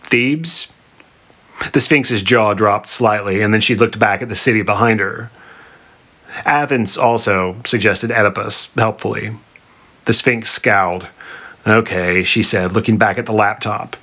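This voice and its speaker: Man narrating a comic story, dry and bright. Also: on the low side, fairly even intonation, moderate pace.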